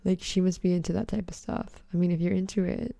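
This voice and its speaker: A teenage girl talks through a casual solo podcast, giggling and swearing freely as she reads messages aloud. Her voice sits low and carries plenty of vocal fry, with a warm, mellow tone. The sound is close and dry. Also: fairly even intonation, fast talker, no room sound. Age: teens. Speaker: podcast host.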